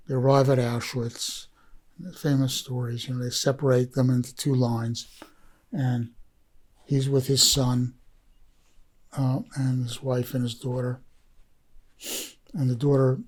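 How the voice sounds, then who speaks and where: As a guest on a podcast, a man who makes documentaries tells a rambling, sincere story full of fillers and false starts. He speaks unhurriedly in a level, slightly mellow mid-range voice and pauses often.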